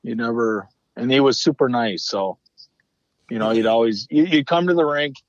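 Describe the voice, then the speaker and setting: A man's voice: medium pitch, moderate pace, no room sound. A man telling stories on a podcast, looping back and restarting mid-sentence with a casual, salty edge. His voice comes through slightly muffled and lo-fi. The sound is dry, with no room around it. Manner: rambling with frequent restarts and swearing. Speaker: guest, former hockey player. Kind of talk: casual storytelling interview. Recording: muffled lo-fi remote audio.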